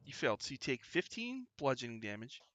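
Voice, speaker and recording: Animated game master running a tabletop session. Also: male voice, mid-range voice, fairly quick. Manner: relaxed, chatty, rules-explaining. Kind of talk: running a tabletop game over a video call.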